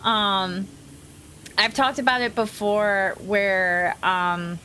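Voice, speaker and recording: Bright, giggly American woman streamer. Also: mid-range voice, steady tone, very slow, slight background noise. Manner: chatty and giggly, full of "like" fillers. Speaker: game streamer. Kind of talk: casual live-stream chat.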